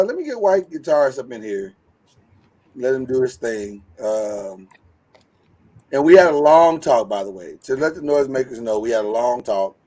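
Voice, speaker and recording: A man hosting a podcast in casual chat, animated and joking, with preacher-like flourishes. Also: mid-range voice, rough recording. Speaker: podcast host.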